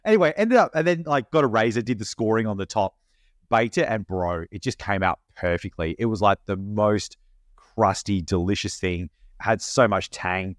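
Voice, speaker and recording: A man co-hosting a podcast, telling an animated story in casual, slangy chat. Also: fairly low pitch, moderate pace, no room sound, studio quality. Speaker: podcast co-host.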